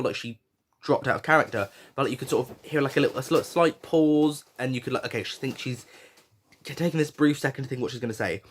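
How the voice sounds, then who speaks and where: Chatty man reviewing casually. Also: medium pitch. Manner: chatty, frank and swearing, with many fillers and restarts. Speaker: podcast host reviewing a reality show.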